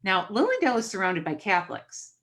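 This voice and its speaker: A woman hosting a podcast, telling a family story in a casual, animated way, acting out the voices she quotes and laughing often. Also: medium pitch, fairly quick. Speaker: podcast host.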